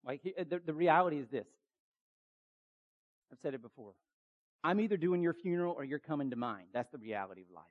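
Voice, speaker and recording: A man preaching a sermon as pastor, urgent and emphatic, with quick asides to the congregation. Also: a little high, lively intonation, phone-quality sound.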